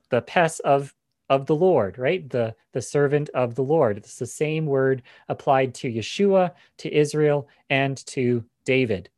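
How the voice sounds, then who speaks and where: A man's voice: fairly high pitch, no echo. Man teaching scripture, dry close sound. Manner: explanatory, frequent fillers and restarts. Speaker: Bible teacher.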